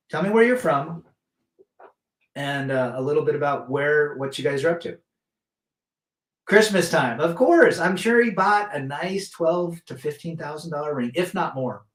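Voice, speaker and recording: A man's voice: a little high, lively intonation, normal speed, roomy sound. A man hosting a casual live stream, chatting loosely and reading viewer comments aloud, with frequent restarts. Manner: rambling, many restarts, reads chat aloud.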